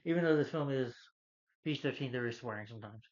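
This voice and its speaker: A man's voice: mid-range voice, fast talker, darkish tone. A young man casually recapping a movie, rambling with lots of "you know" fillers. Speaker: movie reviewer. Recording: slightly dull lo-fi recording.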